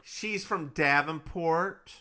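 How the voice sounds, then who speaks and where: Man, podcast co-host, very bright sharp tone, playful casual recap. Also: fairly high pitch, slow pace. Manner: playful, recounting plot beat by beat.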